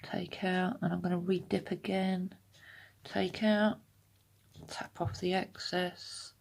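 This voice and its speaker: Slow, gravelly woman doing nails. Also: fairly low pitch, level tone, darkish tone. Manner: chatty, slow and explanatory, drifting into half-whispers. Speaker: nail art vlogger. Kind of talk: casual step-by-step tutorial narration. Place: home room at her desk.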